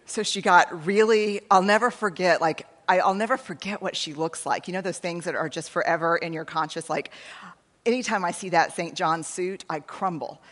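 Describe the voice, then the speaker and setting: A woman's voice: on the low side, normal speed, fairly bright tone. A woman in her forties with a Texan accent, telling a self-deprecating story in a conversational keynote talk and acting out bits of dialogue. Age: 40s. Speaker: researcher and speaker. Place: large hall on stage. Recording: reverberant hall.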